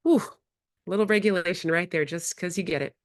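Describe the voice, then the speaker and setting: Animated woman workshop presenter. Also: on the low side, quick pace, no echo, clean studio sound. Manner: animated, acts out conversations with children. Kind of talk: workshop lecture. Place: in-person workshop.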